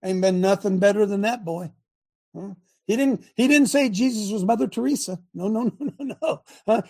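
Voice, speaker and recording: A man hosting an online talk as a coach, preaching loudly, repeating himself and shouting at times. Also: sits high, moderate pace, gravelly, breathy edge. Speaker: host and coach.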